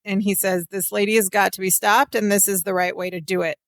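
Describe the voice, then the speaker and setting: A woman's voice: medium pitch, flat delivery, fairly quick, no room sound. A woman co-hosting a rewatch podcast, chatting through sitcom scenes with lots of "like". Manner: chatty, narrates scenes with filler "like". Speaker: podcast co-host. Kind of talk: casual rewatch recap chat.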